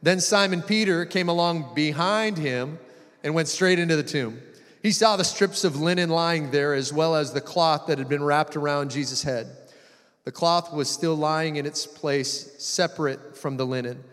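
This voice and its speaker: A man's voice: a little high, moderate pace, fairly bright tone. A man preaching a sermon, reading scripture and retelling it dramatically, acting out the voices he quotes. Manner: dramatic, acts out quoted voices with rising intensity. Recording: long hall reverb.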